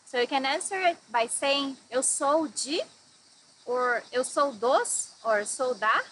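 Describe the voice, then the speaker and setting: A woman from Brazil with a Brazilian Portuguese accent, teaching beginner phrases and repeating them slowly. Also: high-pitched, animated, fairly bright tone, reverberant, a little hiss or hum. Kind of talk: bright lesson presentation.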